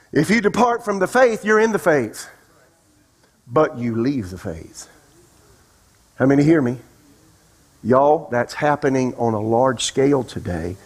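A man's voice: mid-range voice, slightly rough. A man preaching a sermon as pastor, emphatic and asking the congregation questions. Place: church sanctuary.

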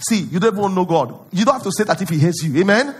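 Animated husky-voiced male preacher. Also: high voice, quick pace. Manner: animated preaching, acts out prayers in a pleading voice. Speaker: pastor. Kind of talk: sermon.

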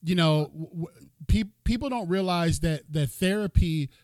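A man hosting a casual interview, talking to the audience in lively asides with a preachy streak. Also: sits high, normal speed, no echo. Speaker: host.

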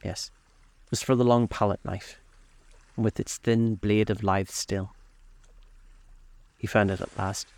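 Gravelly low-voiced male storyteller. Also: fairly even intonation, measured pace, long pauses, darkish tone, no echo. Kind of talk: reading a classic novel aloud.

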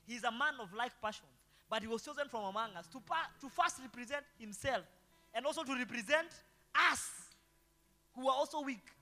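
A man's voice: very high voice, animated, brisk, sharp tone. A male pastor preaching a sermon, throwing rhetorical questions to the congregation. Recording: long hall reverb with faint guitar.

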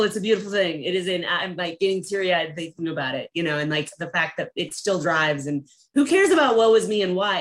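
Animated woman telling a story. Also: medium pitch. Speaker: podcast guest. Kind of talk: casual chat.

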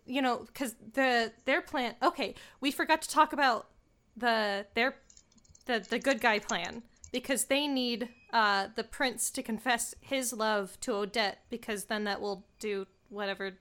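A woman's voice: fairly high pitch, measured pace, a bit bright. A young woman in casual chat, reacting with enthusiasm and emotion as she talks through a movie with a friend.

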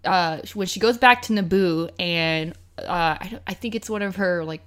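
A young woman co-hosting a casual podcast chat, trading quick asides. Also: on the low side, smooth. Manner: laughs often, quick asides. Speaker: podcast co-host.

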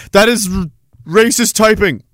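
A man's voice: high-pitched, a bit bright, no echo, studio quality. A tired man hosting a podcast, rambling sarcastically in casual chat as he reads out viewer comments. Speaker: podcast host.

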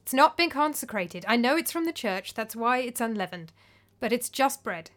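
A woman voicing an elderly male priest who is kindly but quick to lose patience, speaking earnestly in a storybook reading. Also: fairly high pitch, animated, fairly bright tone. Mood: encouraging. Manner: earnest, rising to indignant.

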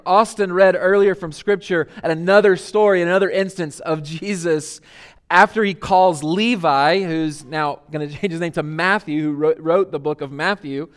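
A man's voice: high voice, smooth. A man preaching a sermon as lead pastor, conversational with many fillers and restarts.

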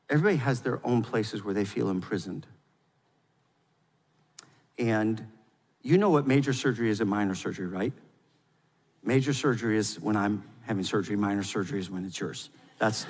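A man preaching a sermon as pastor, swinging between loud, fervent exhortation and quiet, intimate confession. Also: fairly low pitch, big-room sound.

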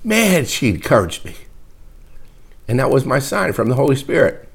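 A middle-aged man, a pastor, preaching an emotional sermon in a halting, repetitive way, close to tears. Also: medium pitch, sing-song, vocal fry, husky. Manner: emotional, wears heart on sleeve; halting, repeats words often. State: tearful. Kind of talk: livestreamed sermon.

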